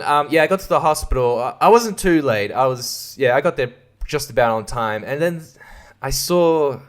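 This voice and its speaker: A young man hosting a solo podcast, rambling, swearing and laughing, sliding from mumbles into loud outbursts. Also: mid-range voice, clear, resonant tone. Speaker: podcast host.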